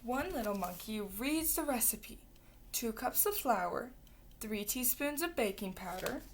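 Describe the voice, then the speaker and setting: A woman reading a picture book aloud in a lively, playful way. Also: on the high side, measured pace, a little hiss or hum. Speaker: storybook reader.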